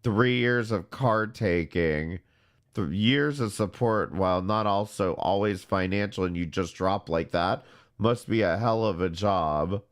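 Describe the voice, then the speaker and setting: A man hosting a commentary show, talking in a sarcastic, deadpan way. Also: low voice, a little slow, clear, resonant tone. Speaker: commentary channel host. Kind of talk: casual mocking commentary.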